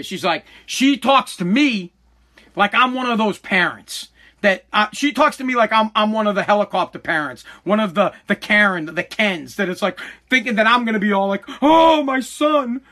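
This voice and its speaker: A high-voiced man tells a story in a casual, profane rant. His voice is bright and edgy, and he slips into mock voices for the people in his story with open exasperation. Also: fairly quick. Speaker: father telling a story.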